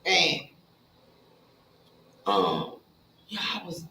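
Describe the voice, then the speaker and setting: A woman telling her own story in a casual, blunt and profane way, talking straight to her listeners and jumping between hushed asides and loud bursts. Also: low-pitched, wildly swooping pitch, drawn-out words, slight background noise. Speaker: speaker sharing a recovery story. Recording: roomy echo with faint ambience.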